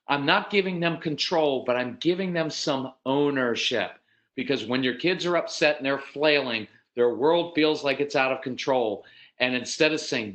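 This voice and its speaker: A man's voice: medium pitch, normal speed, poor audio. A man giving a conversational parenting seminar, talking directly to his audience, asking them questions and acting out quoted dialogue. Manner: animated, acts out quoted dialogue. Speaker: parenting speaker.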